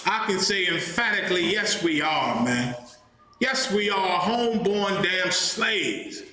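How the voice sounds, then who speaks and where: A man's voice: sits high, lively intonation, takes it slowly, bright, forceful tone. A man hosting a show and giving heated, indignant commentary, driving his points home and repeating himself for emphasis. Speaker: host and teacher. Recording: very echoey room with faint noise.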